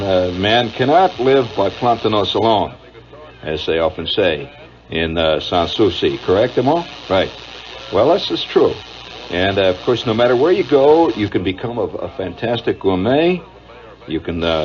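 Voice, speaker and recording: Wry rambling radio host, lo-fi broadcast. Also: male voice, on the low side. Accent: Midwestern American. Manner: wry, digressive, chuckling storyteller with many uhs. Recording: dull lo-fi old radio broadcast with faint hiss.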